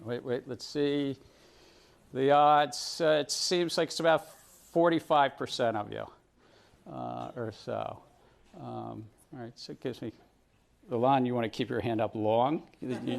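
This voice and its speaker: A middle-aged man with a mid-range voice and some vocal fry gives a university lecture in a room set with round tables. He's chatty and conversational, often putting questions to the students.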